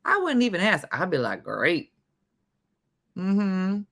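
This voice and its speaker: Middle-aged woman host, low voice with a bright edge, loose and chatty on a live stream. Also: wildly swooping pitch, takes it slowly, gravelly. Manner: chatty, reacting to viewer comments. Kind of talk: casual live-stream chat.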